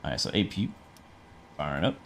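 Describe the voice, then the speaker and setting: A man's voice: rumbling low, sing-song, quick pace, fairly bright tone, slight background noise. A man streaming a flight simulator, talking through each step in a chatty, casual way and answering viewers' chat questions. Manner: frequent fillers and restarts. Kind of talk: casual livestream commentary.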